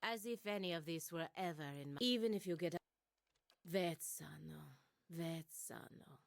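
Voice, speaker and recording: An actress voicing a sly, seductive female character in a fantasy video game, with a low, unhurried delivery. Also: creaky, dry recording.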